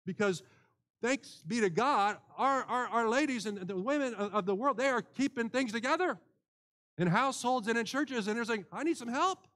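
High-voiced man preaching a sermon. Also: normal speed, fairly bright tone. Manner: earnest preaching with repeated restarts. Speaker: pastor. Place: church.

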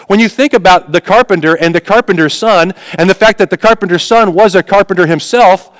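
A man's voice: high-pitched, fairly quick, a bit bright, no echo, long reverb tail. A man preaching a sermon in a conversational way, telling personal stories and asking the congregation questions. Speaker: pastor.

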